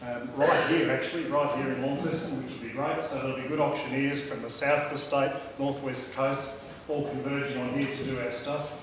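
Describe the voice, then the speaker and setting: A man's voice: mid-range voice, fairly even intonation, brisk. An Australian man in his late thirties, a real estate agent giving a chatty, frank welcome speech. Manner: chatty, frank, repeats himself. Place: large hall. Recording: echoey hall, distant mic, faint noise.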